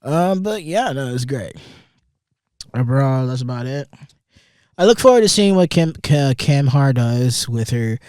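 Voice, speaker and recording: A man's voice: mid-range voice, a little mellow, no room sound. A young man hosting a solo podcast, rambling through casual commentary with lots of swearing and sarcastic asides, recorded in a studio. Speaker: podcast host.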